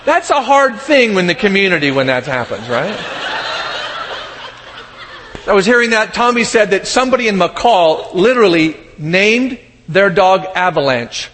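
A high, lively male preacher delivers his sermon with an animated storytelling manner, voicing characters as he goes. His voice rings out through a reverberant church hall with a long tail. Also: moderate pace. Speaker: pastor. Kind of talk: sermon with humorous stories.

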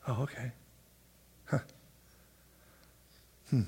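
A man preaching a sermon in a church, animated, acting out people's excuses in high voices. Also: normal speed, long reverb tail. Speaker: pastor.

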